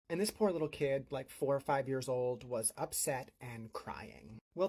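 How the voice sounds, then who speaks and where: A woman with a low, husky voice tells a story from her day. She is animated and swears freely as she acts out what each person said.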